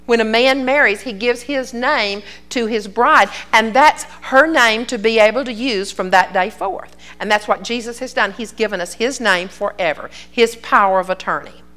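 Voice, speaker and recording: A woman's voice: on the high side, normal speed, few pauses, a bit bright. An older woman delivers a sermon in a folksy, conversational way. She tells her stories with earnest conviction. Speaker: preacher.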